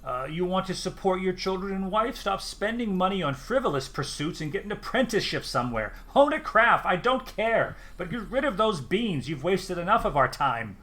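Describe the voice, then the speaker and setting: A man's voice: on the high side, lively intonation, moderate pace, hardly any pauses, sharp tone. A man voicing a stern, impatient woman who scolds curtly. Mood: scolding. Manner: curt, scolding.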